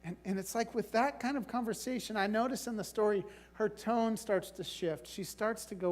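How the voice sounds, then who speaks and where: A man's voice: sits high, moderate pace, few pauses. A male pastor preaching a sermon in a casual, conversational way, often checking in with "right?" and "like".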